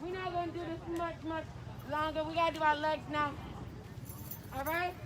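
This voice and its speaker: A woman's voice: very high-pitched, little pitch movement, normal speed, background noise. A woman leading a crowd through stretches at an outdoor rally, joking and chatty as she calls out moves. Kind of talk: playful outdoor crowd instruction.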